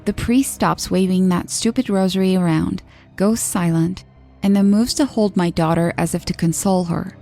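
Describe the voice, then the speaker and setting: A woman narrating a scripted horror story in first person in a steady, earnest storytelling manner. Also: on the low side, normal speed, vocal fry, soft background music.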